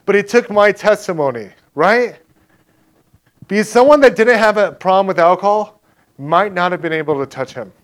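Give me a man with a slightly high voice casually telling a faith testimony, acting out the back-and-forth. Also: expressive. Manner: chatty, peppered with "like" and "right?"; acts out others' lines in quick back-and-forth. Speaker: speaker giving a personal faith testimony. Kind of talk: casual spoken storytelling.

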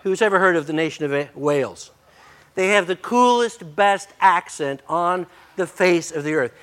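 An older man preaching a sermon as pastor, folksy and joking, his voice a little hoarse and breaking. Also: high-pitched, normal speed, a bit bright.

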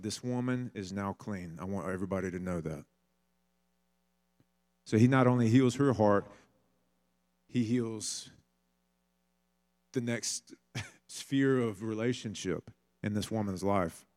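A man's voice: fairly low pitch, a little mellow. A man preaching a sermon in a conversational storytelling way, sometimes acting out the voices of people in the story. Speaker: pastor.

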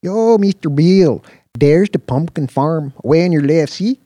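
A man's voice: fairly high pitch, lively intonation, unhurried, warm tone, no echo, pitched above the performer's own voice. A man putting on a grinning pilot with a thick Mexican accent. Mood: cheerful. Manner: enthusiastic, broken English. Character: grinning male hover-limo pilot, cheerful and easygoing.

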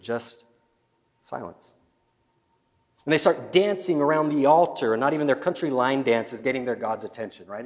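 A male pastor preaching a sermon, retelling a Bible story with vivid storytelling and often repeating words as he goes. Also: medium pitch. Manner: storytelling, acting out biblical scenes, frequent repeated words. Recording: long reverb of a large hall.

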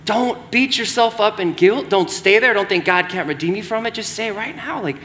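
A young man preaching as pastor in a casual, conversational sermon, with animated asides and frequent "right?" checks to the congregation. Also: high voice, normal speed, few pauses, a little hiss or hum.

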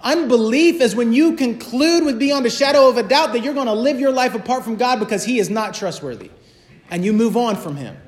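High-voiced preaching man. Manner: passionate, repetitive, rising to shouts. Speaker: pastor. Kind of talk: sermon.

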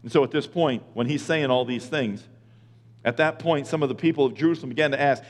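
A male pastor preaching a sermon, retelling scripture in casual slang and building to emphatic shouts. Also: mid-range voice, fast. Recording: long reverb of a large hall.

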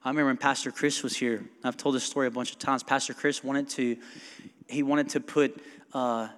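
A man's voice: medium pitch, little pitch movement, fairly quick, fairly bright tone. Guy preaching, chatty storyteller, quotes folks and asks the crowd stuff, echo of a big church hall. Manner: casual storytelling, quoting others and asking the crowd. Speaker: pastor. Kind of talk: conversational sermon. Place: church sanctuary. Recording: long church hall reverb.

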